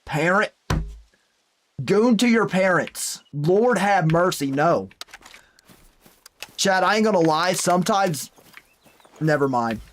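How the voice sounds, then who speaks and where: A man's voice: sits high, expressive, slow, long pauses, slight background noise. A young man streaming a hunting game, chatting casually and reading viewer messages aloud with folksy exclamations. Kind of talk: casual live-stream commentary.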